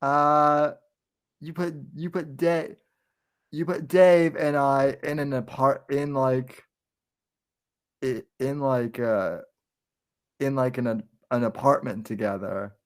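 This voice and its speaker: A man hosting a podcast in casual chat, speaking haltingly with lots of restarts and a bemused tone. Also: mid-range voice, steady tone. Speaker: podcast host.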